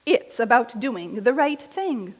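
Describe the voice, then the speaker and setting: A calm, know-it-all storybook cat read out by a woman, patiently reciting rhymes at an unhurried pace. Her tone swings between high and low notes. A long hall reverb trails each phrase. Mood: matter-of-fact. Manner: explaining patiently, rhyming lists.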